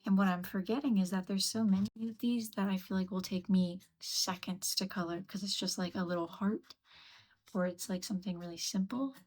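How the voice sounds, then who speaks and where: A woman's voice: mid-range voice, fairly even intonation, brisk, darkish tone, rough recording. Woman murmuring to herself while crafting. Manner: murmurs to herself, self-coaching. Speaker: craft livestreamer. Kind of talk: casual live-stream chat while working.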